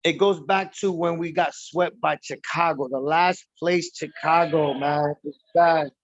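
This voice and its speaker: A man's voice: on the high side, fairly even intonation, a little slow, dry recording. A man chatting casually and loosely on a livestream about his team's playoff game, a bit tipsy from drinking and rambling between laughs. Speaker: baseball fan on a livestream. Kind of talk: casual livestream reaction chat. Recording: dull dry lo-fi sound.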